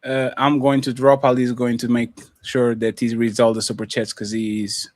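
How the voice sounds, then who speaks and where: A man co-hosting a casual livestream chat, excitable and profane, laughing often. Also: mid-range voice, moderate pace, dry recording, clean studio sound. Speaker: co-host.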